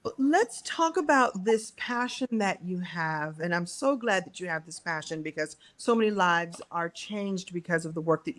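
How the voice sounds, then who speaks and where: A woman's voice: fairly low pitch, fairly bright tone. Upbeat woman podcast host. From Brooklyn. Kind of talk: enthusiastic interview chat.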